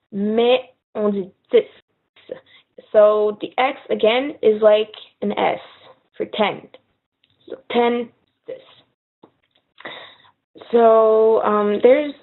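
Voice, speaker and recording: A woman with a French accent teaching French numbers and phrases, slowly and patiently repeating words with little pauses and fillers. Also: fairly high pitch. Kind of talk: slow spoken language lesson. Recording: tinny phone-like sound.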